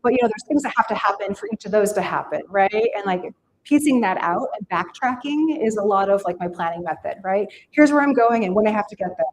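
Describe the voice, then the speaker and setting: A woman's voice: medium pitch, lively intonation, brisk, poor audio. A woman speaker answering audience questions at a morning event, chatty, full of "um" and "right?". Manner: chatty, filler-heavy with frequent "right?" and "um". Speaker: featured speaker. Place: event venue.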